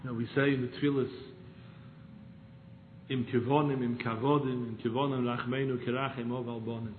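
A man telling a parable in a sermon, moving from hushed narration to pleading. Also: medium pitch, level tone, fast, a little hiss or hum. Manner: storytelling, swings from hushed to pleading. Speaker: rabbi. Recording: echoey room over a tinny phone-like line.

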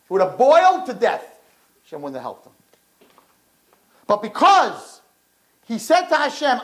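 A man delivering a sermon in a high voice that swings widely as he tells a story. He uses dramatic storytelling and hammers his points home with emphatic repetition. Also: huge pitch swings, normal speed, long pauses, rough recording. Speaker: religious teacher addressing girls.

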